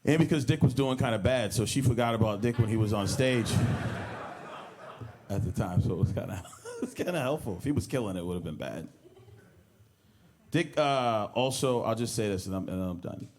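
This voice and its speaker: A man's voice: mid-range voice, animated, brisk, background noise. A man, a comedian, speaking informally at a memorial service, rambling through stories, acting out quoted lines and laughing as he talks. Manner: rambling storyteller who acts out quoted lines and laughs as he goes. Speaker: comedian giving a eulogy. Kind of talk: informal anecdotal speech at a memorial.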